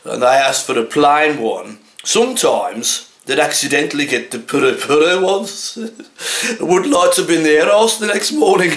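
Playing a comedy butcher, this Birmingham-accented man in his sixties is very animated, speaking at a moderate pace with few pauses in a medium-pitched, fairly bright voice. The jolly, exasperated character tells rambling funny stories, often chuckling, in a reverberant space.

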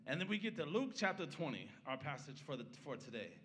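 A man's voice: fairly high pitch, very animated, fast, fairly bright tone, big-room sound, slight background noise. A man pastor preaching a sermon in a church, talking conversationally and often checking in with the congregation. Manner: conversational preaching, keeps asking the congregation "right?"; opens with a prayer, then teaches the Bible passage. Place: church sanctuary.

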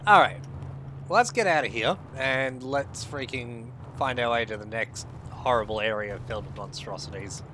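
A man's voice: mid-range voice, normal speed, bright, forceful tone, slight background noise. An Australian man in casual gameplay commentary, swearing, joking and chatting with his viewers. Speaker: streamer.

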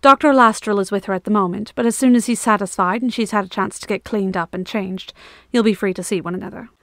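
A woman's voice: medium pitch, fast talker, fairly bright tone, dry recording, natural voice. Kind practical woman in her forties, voiced by a woman narrator, polite and formal, storybook, dry sound. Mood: kindly.

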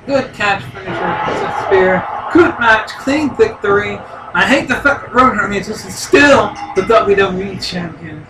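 A man giving live reaction commentary while watching a wrestling event, excitable, shouting and cursing at the screen. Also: high-pitched, unhurried, over music. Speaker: wrestling fan reviewing an event. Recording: roomy, distant mic with loud broadcast crowd noise.

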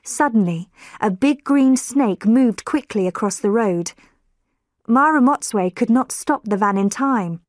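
A woman reading a graded story for English learners aloud, slow and clear, lightly lifting her voice for quoted lines. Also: a little high, expressive, no room sound, studio quality. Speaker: audiobook narrator.

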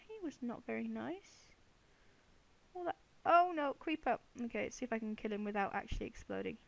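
A woman's voice: sits high, lively intonation, normal speed. A woman giving casual, chatty commentary while playing a video game, playfully talking to the animals and monsters on screen. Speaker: let's play gamer.

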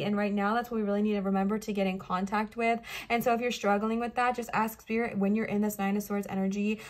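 A woman giving a casual tarot reading, earnest and emotional, reassuring her viewers and often restarting her sentences. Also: mid-range voice. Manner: affectionate, reassuring toward viewers. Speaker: tarot reader.

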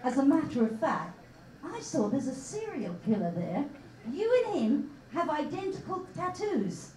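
A woman with an English accent performs stand-up in a small bar. Her voice is high and swoops widely as she drawls out sarcastic jokes slowly and sweetly. She sounds distant and roomy, with faint bar noise underneath. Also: sing-song, mellow. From England and Israel. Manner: dry, mock-sweet sarcasm. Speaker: stand-up comedian. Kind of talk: stand-up set. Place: small comedy bar stage.

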